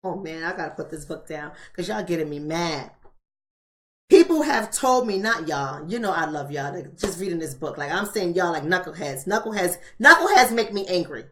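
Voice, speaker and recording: A woman's voice: lowish voice, expressive, normal speed, fairly bright tone. A woman hosting a live-streamed book club, talking bluntly and emphatically and repeating rhetorical questions.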